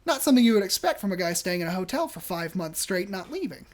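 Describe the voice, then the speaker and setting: A man co-hosting a podcast, telling a job story in an animated way and laughing often. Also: high-pitched, fast. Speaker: podcast co-host. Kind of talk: casual storytelling.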